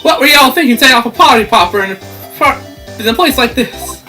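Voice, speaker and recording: A man voicing a brash, loud woman photographer in an attempted Southern drawl, for an amateur game fan dub. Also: very high-pitched, expressive, brisk, faint music behind, full character voice. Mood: scolding. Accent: attempted American Southern drawl. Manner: loud, blustery, scolding.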